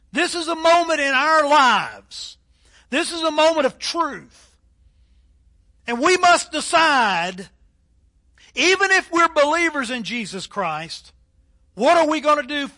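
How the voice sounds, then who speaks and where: A man's voice: high-pitched, bright, forceful tone. An older man preaching a sermon as pastor, emphatic, with a delivery that rises and falls.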